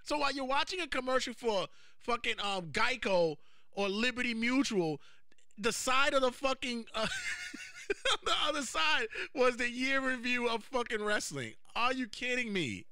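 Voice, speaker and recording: A man with a high, bright voice co-hosts a casual podcast. He is animated and profane and laughs often, and his pitch leaps around. He is recorded close on a dry mic. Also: moderate pace, clean tone, no room sound. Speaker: podcast co-host. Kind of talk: casual wrestling podcast chat.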